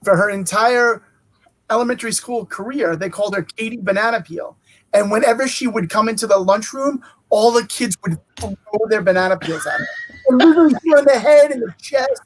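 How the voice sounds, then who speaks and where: A person casually telling a school story on a live stream, halting with many restarts. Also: mid-range voice, a bit bright, poor audio. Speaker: comic shop podcast co-host.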